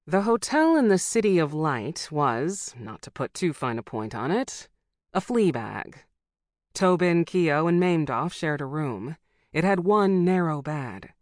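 A narrator reads a novel aloud in a steady, measured way at a middle pitch. The recording is close and dry, with no room sound. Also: no echo. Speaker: audiobook narrator.

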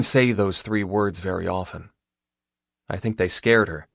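A man narrating a first-person romance novel in a steady, intimate storytelling manner. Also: low voice, a little slow, creaky, no room sound, studio quality. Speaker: audiobook narrator.

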